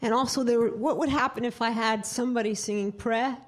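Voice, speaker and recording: A woman's voice: on the high side, fairly even intonation, brisk. A woman who directs a choir, teaching a live group how to sing vowels, asking questions and singing short demonstrations. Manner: interactive, asks the group questions.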